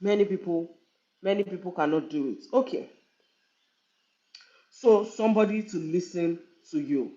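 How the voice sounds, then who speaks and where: A woman's voice: lowish voice, normal speed, long pauses, mellow. Earnest woman on a dull stream. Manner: earnest, conversational, repeats phrases for emphasis. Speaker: relationship speaker. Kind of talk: live online talk.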